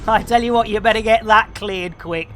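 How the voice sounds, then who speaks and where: A woman's voice: medium pitch, normal speed. A woman streaming a game live, joking and calling out greetings to viewers. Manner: jokey, theatrical, shouts greetings.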